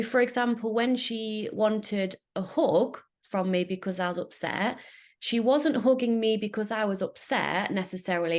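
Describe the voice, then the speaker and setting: A woman host telling a personal story in an earnest, emotional way. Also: mid-range voice. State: getting emotional. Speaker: podcast host.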